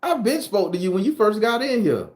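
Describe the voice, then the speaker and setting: A man's voice: high voice, big pitch swings, a little fast, darkish tone, roomy sound. Loose, profane storytelling man. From southern Florida, USA. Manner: loose, profane, joking storyteller talking to chat. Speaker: host of a spooky-story channel. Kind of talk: casual live-stream chat answering viewers.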